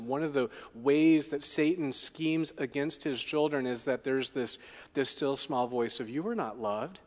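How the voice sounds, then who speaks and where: A man preaching a sermon as a pastor, often asking the congregation questions. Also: medium pitch. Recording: long hall reverb.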